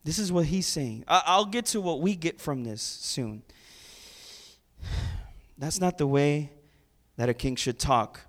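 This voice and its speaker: A man preaching a sermon in an animated, conversational way, with sarcastic asides and repeated words. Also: on the high side, a little slow.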